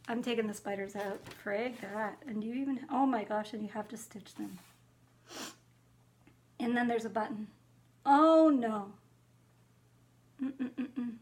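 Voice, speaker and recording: A middle-aged woman chatting casually about her cross-stitch haul, chatty and excitable. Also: mid-range voice, moderate pace, long pauses.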